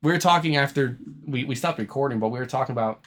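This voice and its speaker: A man's voice: mid-range voice, fast. A young man co-hosting a casual horror movie podcast, laid-back, laughing often and swearing freely. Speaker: podcast co-host. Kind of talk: casual chat.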